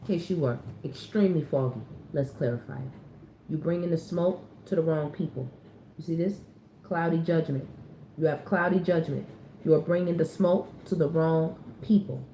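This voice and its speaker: A woman gives a casual, slangy tarot reading, hammering her points home by repeating them. Her voice is mellow and warm. The recording has a roomy echo, with a faint hum underneath. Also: low voice, normal speed. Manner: chatty, slangy, repeats phrases for emphasis. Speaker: tarot reader.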